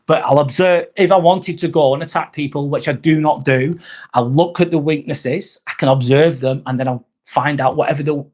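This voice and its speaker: A man with a fairly high-pitched voice talks bluntly on a live stream, swearing freely as he rambles. He sounds confessional and reads viewer comments aloud between his own stories. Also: fairly even intonation, normal speed, darkish tone. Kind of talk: candid live-stream chat.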